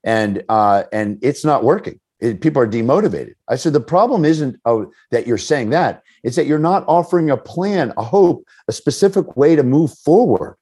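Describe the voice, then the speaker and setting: A man's voice: medium pitch, normal speed, few pauses, husky. A middle-aged man, a leadership speaker, answering questions in a podcast interview and acting out the people in his stories. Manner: animated storyteller, acts out quoted people.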